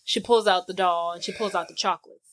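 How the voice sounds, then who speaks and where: A woman co-hosting a podcast, casually retelling a film's plot in slang-filled, animated chat. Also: lowish voice, fast talker. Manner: animated storytelling with acted-out quotes. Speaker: podcast co-host. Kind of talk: casual movie recap chat.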